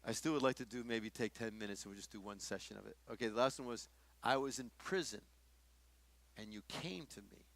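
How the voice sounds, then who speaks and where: An older pastor preaches to a workshop audience in a low voice. He tells stories and acts out the dialogue, getting louder and softer as he goes. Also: a little fast, gravelly. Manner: storytelling, acting out dialogue with shifts in loudness. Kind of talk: sermon teaching at a workshop.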